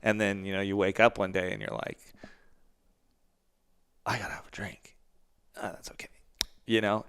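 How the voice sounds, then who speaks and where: A man's voice: fairly low pitch, gravelly, fairly bright tone, clear, resonant tone. A man in his forties telling stories candidly in an interview, swearing often and acting out what people said. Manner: candid, heavy swearing, acts out quotes. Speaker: podcast guest, band frontman. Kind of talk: casual interview storytelling.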